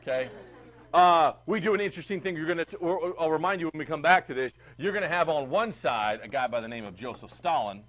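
Animated male teacher lecturing a class. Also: on the high side, fast talker, rough recording. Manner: animated, chatty, asks the class questions. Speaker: history teacher.

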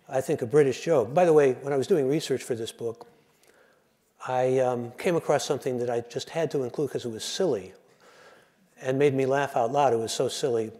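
A man's voice: mid-range voice, normal speed, dark tone. A man, a radio host, giving a lecture that moves from joke to joke in a conversational, digressive way. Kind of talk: storytelling lecture with jokes.

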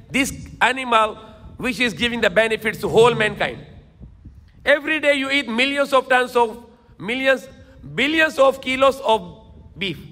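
Guy preaching, really high voice, sharp bright tone, long hall echo. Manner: repetitive emphatic preaching, slips into Tagalog phrases. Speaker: Islamic preacher. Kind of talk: sermon lecture.

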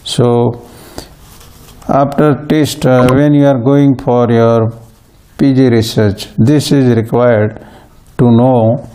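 A man giving a plant pathology lecture, slow and halting, with frequent fillers and restarts. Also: medium pitch, fairly even intonation, mellow, clean tone. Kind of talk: recorded university lecture.

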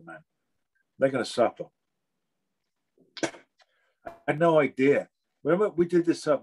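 A middle-aged man from England, chatting as a guest in a lively, animated way, swearing freely and acting out gym conversations. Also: medium pitch, breathy edge, rough recording. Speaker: guest artist. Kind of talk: casual chat.

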